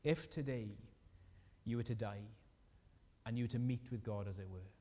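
A man's voice: lowish voice, moderate pace, mellow, big-room sound. A man preaching a sermon as a pastor, earnest and rising in emphasis on key lines.

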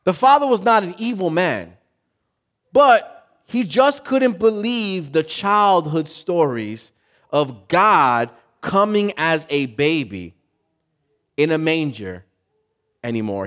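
A man's voice: on the high side, animated, measured pace, fairly bright tone. A man preaching a sermon through a story, asking the congregation questions and building to emphatic points.

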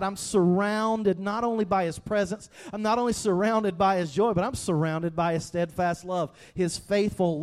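A man preaching a sermon in an animated way, sometimes shouting and sometimes going soft, acting out the quotes he tells. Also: sits high. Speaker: pastor.

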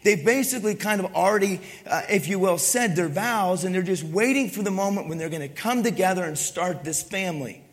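High-voiced pastor preaching in an echoing hall. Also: male voice, fairly quick, few pauses. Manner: animated, conversational, acts out voices; asks the crowd for agreement. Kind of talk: sermon. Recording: long reverb in a large hall.

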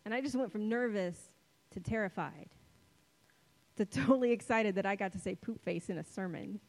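A woman's voice: medium pitch, low-quality recording. Woman preacher, casual sermon delivery, playful, lingers on key words. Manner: conversational and playful, dramatic pauses on key words.

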